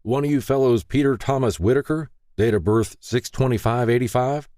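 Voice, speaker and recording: A blunt, businesslike tow truck operator asks his question, voiced by a male audiobook narrator. His voice is pushed noticeably higher than the narrator's deep tone. Dry, close recording. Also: fairly quick, warm tone, no echo, close to an everyday voice.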